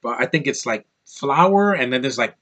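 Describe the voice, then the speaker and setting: A man's voice: medium pitch, animated, normal speed, a bit bright, highs cut off. A man giving a casual, rambling movie review to camera, opinionated and full of fillers and restarts. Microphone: camera mic, close to camera.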